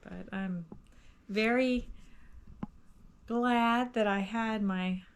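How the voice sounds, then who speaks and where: A woman's voice: on the high side, steady tone, very slow. Woman caregiver, supportive, fills in his words, faint background hiss. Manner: supportive, finishing his sentences. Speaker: caregiver and therapist. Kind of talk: casual home video chat.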